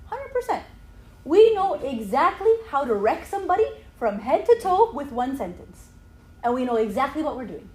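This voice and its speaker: A woman in her thirties giving an animated talk with slides at a church gathering, often tagging her sentences with "okay?". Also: sits high, normal speed. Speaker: speaker at a church youth talk. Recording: echoey hall, faint ambience.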